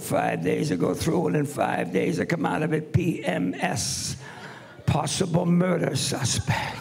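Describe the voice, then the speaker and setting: A man of seventy working a theatre crowd with stand-up, brash and teasing as he fires off punchy one-liners. His voice sits fairly high for a man. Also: vocal fry. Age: 70s. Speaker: stand-up comedian. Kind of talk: stand-up comedy routine. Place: theatre stage before a live audience.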